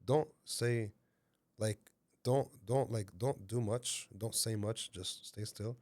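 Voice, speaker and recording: A man voicing a calm inner voice that gives soft, hushed, soothing commands. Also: fairly low pitch, slow, no room sound.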